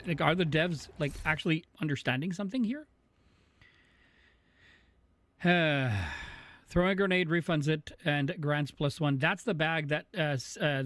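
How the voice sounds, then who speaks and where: A man streaming a video game, chatting casually with excitable, rambling asides. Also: a little high, dry recording. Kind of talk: casual gaming stream chat.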